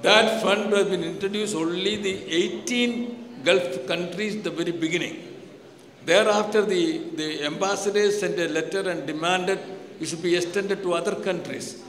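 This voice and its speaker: An older Indian man with a fairly high voice gives a loose, rambling speech as a minister. He restarts his sentences and acts out phone calls as little dialogues. The sound rings around a large hall with a long tail of reverb. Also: fairly even intonation, normal speed, fairly bright tone. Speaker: government minister giving a speech. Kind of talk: informal public speech. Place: large hall, speaking to an audience.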